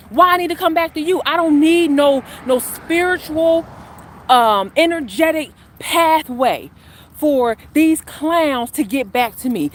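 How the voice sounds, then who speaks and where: A woman's voice: high-pitched, unhurried, a little hiss or hum. Chatty woman vlogging on a walk. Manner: chatty, animated, addresses viewers as y'all. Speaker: spiritual coach vlogger. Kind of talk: casual spiritual vlog talk.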